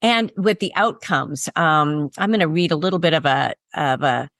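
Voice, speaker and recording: A woman co-hosting a podcast, chatting casually and quick to agree and affirm. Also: sits low, fairly bright tone, no echo, clean studio sound. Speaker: podcast co-host. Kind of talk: casual chat.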